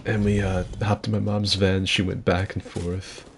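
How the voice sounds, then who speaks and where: A young man in his twenties rambles through casual game-stream chatter at home, swearing freely and keeping his voice low so he won't wake anyone. His voice sits very low with a gravelly fry. Steady noise hisses underneath. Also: moderate pace. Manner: rambling, chatty storytelling with swearing, kept fairly quiet. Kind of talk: casual gameplay commentary.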